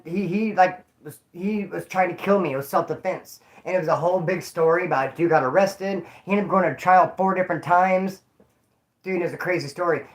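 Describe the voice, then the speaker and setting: A man from California hosting his own channel, chatting casually in rambling street slang with loud shout-outs to viewers. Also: high voice. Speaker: YouTube channel host. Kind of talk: casual livestream chat.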